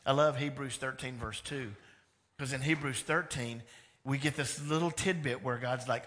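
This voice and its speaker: A man preaching a sermon as pastor, animated, moving between loud emphatic lines and hushed ones. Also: mid-range voice, moderate pace.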